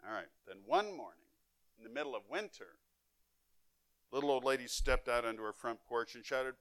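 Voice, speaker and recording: A man pastor preaching a sermon, with emphatic delivery that swings between loud and soft and between fast and drawn out. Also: mid-range voice, animated, no room sound. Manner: emphatic preaching with wide swings in loudness and pace.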